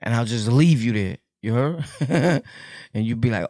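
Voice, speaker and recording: A man's voice: mid-range voice, animated, unhurried, warm tone, no echo, clean studio sound. A man with a New York accent telling prison stories in a casual, joking way, laughing often and using heavy street slang. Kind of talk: casual storytelling to camera.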